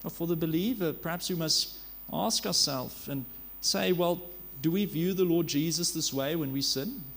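A man's voice: fairly high pitch, moderate pace, a bit bright. A man preaching a sermon in an earnest manner, asking rhetorical questions and sometimes correcting himself as he goes.

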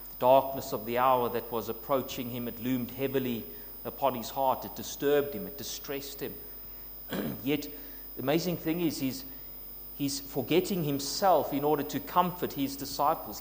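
A man preaching a sermon in an earnest way, building to emphatic scripture quotes. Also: mid-range voice. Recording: long reverb, faint noise with hum.

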